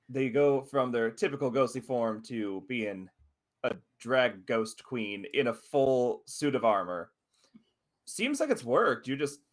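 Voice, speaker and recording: A man at middle pitch running a tabletop game for his players. He narrates scenes and prompts them in a relaxed way, with the odd filler. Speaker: game master.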